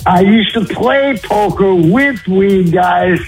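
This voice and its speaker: A man calling in to a talk show, excitable and earnest, laughing often. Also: high-pitched, takes it slowly, gravelly, breathy edge, faint music behind, low-quality recording. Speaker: regular caller. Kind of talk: call-in chat.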